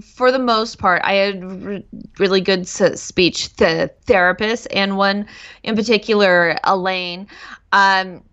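A woman who stutters appears as a guest speaker on stuttering and dyslexia in a casual interview, catching on the beginnings of words and using many fillers. Her medium-pitched voice is slow and a bit bright, though the audio sounds dull.

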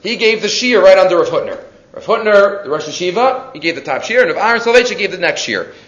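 High-voiced man teaching Torah in an echoey room. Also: quick pace. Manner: animated storyteller who acts out quoted voices. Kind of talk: weekly Torah lesson with storytelling. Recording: echoey room, dull lo-fi sound.

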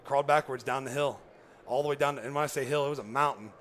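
A man, a former pro football player, telling an animated hunting story, laughing and acting out what others said. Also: mid-range voice, quick pace, a little hiss or hum. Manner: excited, laughing, acts out quoted voices.

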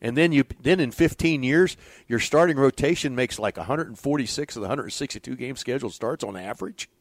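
An older man spins folksy stories as an interview guest, acting out each quoted voice. His pitch sits in an ordinary middle range, and the sound is close and dry with no room around it. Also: brisk, dry recording. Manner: folksy, animated storyteller who acts out quoted dialogue. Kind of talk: storytelling in a conversational interview.

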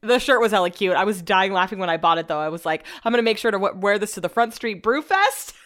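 A young woman talks in a loose, chatty rant. Her pitch leaps up and drops low as she gets worked up. She swears freely and tells stories at a quick clip. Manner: animated, ranting, swears freely. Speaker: podcast host. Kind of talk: casual chat.

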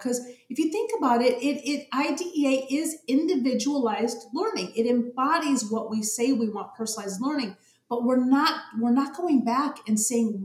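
A woman's voice: sits high, moderate pace, a little mellow, echoey room. A woman talking about special education policy in an interview, earnest and emotional, often repeating words as she speaks. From Arizona. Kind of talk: interview conversation.

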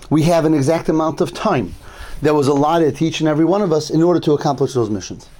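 A man delivers an earnest Torah sermon in a fairly high, mellow voice. He builds each point through strings of rhetorical questions and retold stories. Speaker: rabbi giving a Torah class.

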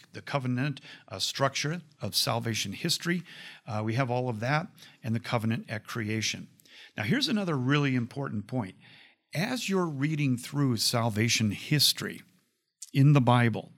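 A man hosting a show, talking with excitement about a book he is holding, with frequent restarts. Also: mid-range voice. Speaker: host. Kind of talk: casual enthusiastic product talk.

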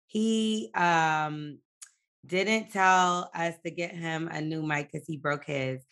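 A woman's voice: deep voice, takes it slowly, fairly bright tone. A young adult woman co-hosting a podcast in casual chat, blunt and joking. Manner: blunt, joking, talks frankly about sex. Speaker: podcast co-host.

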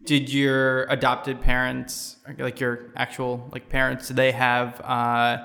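Male interviewer, easygoing, gravelly voice, reverberant room. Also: medium pitch, monotone, measured pace, bright, forceful tone, soft background music. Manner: easygoing, summarizes the guest's story back. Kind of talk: casual interview chat.

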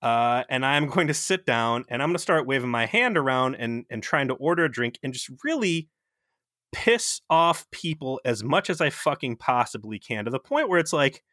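Sharp-voiced, profane man recapping a show. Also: medium pitch, moderate pace, no echo, studio quality. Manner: profane, animated storytelling. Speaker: podcast co-host. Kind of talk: casual chat, TV episode recap.

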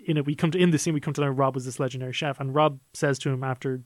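A man's voice: mid-range voice, fairly even intonation, very fast, dry recording. A man talking as a podcast film critic in a casual review discussion, enthusiastic and analytical, with many "like" and "um" fillers.

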